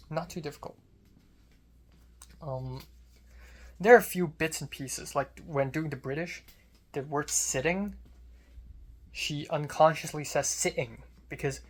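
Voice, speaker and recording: A young adult student filmmaker telling a casual vlog story in a rambling way, full of fillers and restarts. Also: medium pitch.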